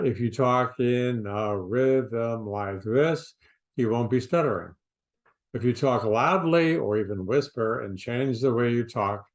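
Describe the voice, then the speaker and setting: A middle-aged man teaches as a speech coach, talking straight to the listener. He speaks very slowly and deliberately, in short planned phrases with pauses between them, at a medium pitch. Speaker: stuttering specialist and coach. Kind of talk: direct-to-camera speech therapy lesson.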